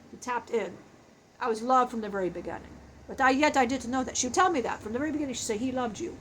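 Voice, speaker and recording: Woman, higher-pitched voice, halting emotional storytelling, spiritual, faint hum of the room behind her. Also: a bit bright, rough recording. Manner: halting, emotional, frequent restarts. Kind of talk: channeled personal storytelling.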